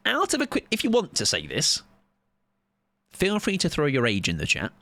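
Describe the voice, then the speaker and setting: A British man in his thirties chats loosely through a gaming stream, joking and rambling between rounds. His voice swings widely in pitch as he talks. The sound is close and dry. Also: wildly swooping pitch, normal speed, a bit bright, dry recording. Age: 30s. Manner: chatty, joking, rambling with fillers. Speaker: game streamer. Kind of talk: casual chat while gaming.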